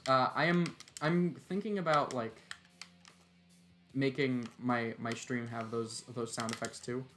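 A man's voice: mid-range voice, fairly even intonation, a little slow, fairly bright tone, soft background music. A tired man giving laid-back, joking live-stream commentary while he plays a game, swearing and chuckling often.

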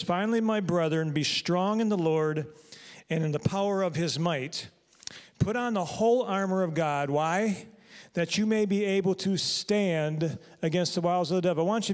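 Male pastor, higher voice, chatty sermon delivery that pulls answers from the congregation. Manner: conversational, quizzes the congregation. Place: church sanctuary.

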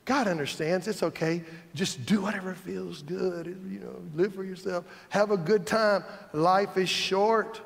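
A man voicing a sly, cruel devil who whispers temptations, hushed, sneering and coaxing. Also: on the high side, animated, moderate pace. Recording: echoey church hall.

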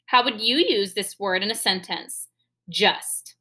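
Slow, bright-voiced woman teaching young kids. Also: mid-range voice. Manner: slow, clear, enunciating and spelling words aloud for kids. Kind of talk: sight-word lesson for young children.

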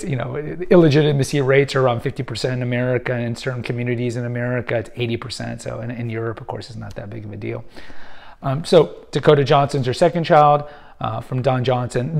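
A man's voice: mid-range voice, gravelly. A man in his fifties who hosts a podcast, giving casual, opinionated film commentary and rambling with frequent restarts and fillers. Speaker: podcast host.

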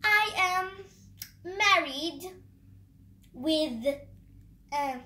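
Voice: extremely high pitch, lively intonation, very slow, pushed and bright, reverberant, heavily acted. A child voicing a flustered married doll lady of thirty who rambles and fumbles for words.

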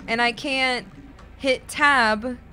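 A young woman streaming a horror game, talking to her chat with excitable, jumpy reactions and swearing when startled. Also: sits high, very slow. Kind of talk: live gameplay commentary. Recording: game music behind voice.

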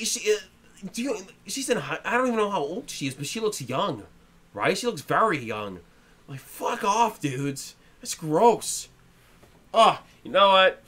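A man's voice: a little high, pushed and bright. A young man co-hosting a movie reaction, chatting casually and swearing freely. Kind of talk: casual chat.

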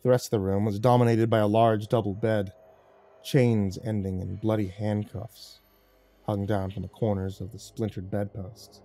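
A man's voice: fairly low pitch, level tone, moderate pace, mellow, faint music behind. A man narrating a first-person horror story in a dramatic, scripted telling.

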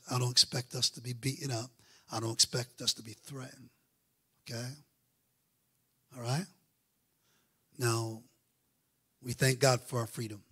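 A man preaching a sermon as pastor, swinging from quiet asides to loud fervent preaching. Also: medium pitch, breathy edge. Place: church auditorium.

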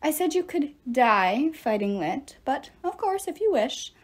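A woman's voice: sits high, very animated, unhurried, voice pushed up. A woman voicing a greedy old king with a golden touch, smug and mock-apologetic.

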